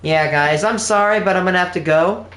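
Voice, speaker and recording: A man's voice: high voice, brisk, fairly bright tone. A young man streaming a game live, chatting to viewers in a casual, earnest, rambling way. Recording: echoey room with faint background hum.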